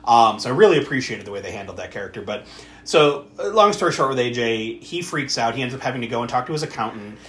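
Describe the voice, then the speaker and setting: A man hosting a podcast, chatting casually about a movie, animated and swearing freely as he acts out scenes. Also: medium pitch, fast. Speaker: podcast host. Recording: echoey room.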